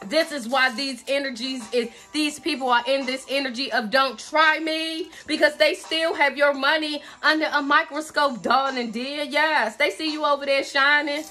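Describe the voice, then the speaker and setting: A woman's voice: sits high, bright, forceful tone. A woman giving a tarot reading in a sassy, emphatic way, stretching her stresses and calling the listener pet names. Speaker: tarot reader. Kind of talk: tarot reading channeling messages.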